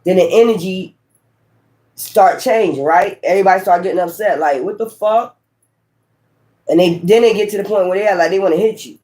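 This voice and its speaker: A man with a high voice gives a loose, profane spiritual reading. He speaks straight to his viewers with emphasis and keeps tossing in "right?" and "okay?" as he goes. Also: fast talker, a little mellow. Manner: frequent rhetorical tag questions. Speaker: tarot reader.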